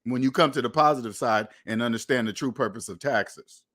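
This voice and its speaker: A man's voice: mid-range voice, fairly quick, fairly bright tone. A man hosting a finance channel, talking casually and emphatically straight to his viewers, repeating points and swearing now and then. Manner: emphatic, repetitive, profane, talks straight to viewers. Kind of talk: casual monologue commentary.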